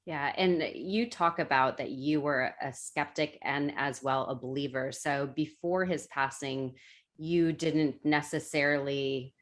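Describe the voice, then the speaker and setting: Podcast host, woman with a very low voice. Asks thoughtful, probing questions. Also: a little slow. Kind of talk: interview questions.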